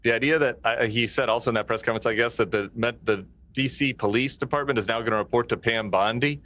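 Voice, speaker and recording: A man appearing as a political commentator, speaking in a halting way and correcting himself mid-sentence. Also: mid-range voice, fairly bright tone.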